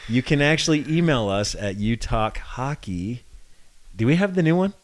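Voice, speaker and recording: A man's voice: medium pitch, expressive, moderate pace. A man co-hosting a casual podcast, playful and jokey, often laughing between sentences. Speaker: podcast co-host.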